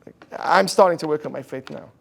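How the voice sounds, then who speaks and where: A man's voice: on the high side, fairly quick, vocal fry. A man, a rabbi, giving an inspirational talk to an audience and telling stories in an earnest way. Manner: earnest storytelling, drops to a hush for quoted lines.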